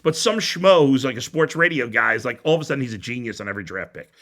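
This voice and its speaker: A man's voice: mid-range voice, animated, quick pace, gravelly, a bit bright. A man hosting a sports talk show, ranting bluntly and heatedly with frequent stumbling restarts. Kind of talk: opinionated sports radio rant.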